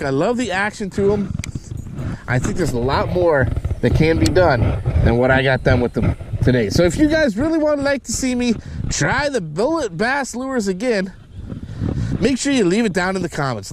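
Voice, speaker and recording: A man's voice: sits high, normal speed, noisy background. A man hosting a fishing vlog outdoors on the water, talking through his lures and whooping when he lands a fish. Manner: excitable, whoops loudly at catches. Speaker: fishing channel host.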